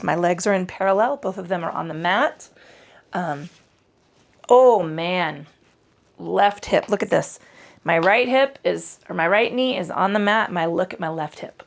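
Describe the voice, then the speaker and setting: Woman yoga instructor, gravelly low fry, swearing freely, loose and chatty delivery. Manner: irreverent and profane, chatty with self-corrections. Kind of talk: casual spoken yoga class. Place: home yoga space on a mat.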